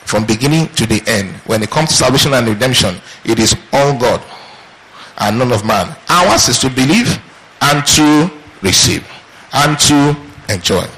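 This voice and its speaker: A man's voice: mid-range voice, animated, moderate pace, a bit bright, poor audio. A man preaching a sermon, asking rhetorical questions and answering them in call-and-response. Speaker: pastor.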